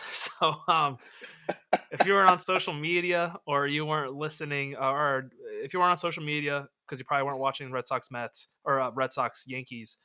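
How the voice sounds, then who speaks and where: A man co-hosting a podcast in casual sports chat, animated and quick to laugh, swearing casually. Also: a little high, clean tone. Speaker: podcast co-host.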